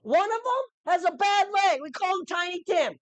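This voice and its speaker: A woman voicing a frantic male merchant who was hired as a carriage guard and shouts his excuses. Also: extremely high pitch, expressive, moderate pace, no room sound, voice pushed up. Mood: panicked.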